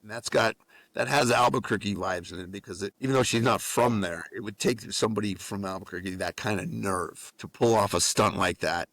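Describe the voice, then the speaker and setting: A man from New Mexico, a guest author and musician, telling an animated story on a podcast with a lot of swearing. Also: on the low side, brisk, dry recording. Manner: animated storyteller with frequent profanity. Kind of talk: casual storytelling.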